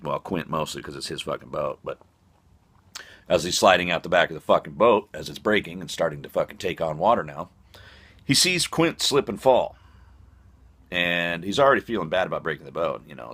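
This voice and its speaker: A man's voice: extremely low pitch, vocal fry, a bit bright, breathy edge. A man telling a comic, profane, rambling story full of fillers. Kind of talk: comic monologue.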